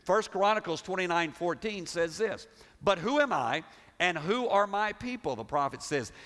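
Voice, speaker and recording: A male pastor preaching a sermon, animated and full of rhetorical questions, often restarting his words. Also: sits high, normal speed. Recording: reverberant hall.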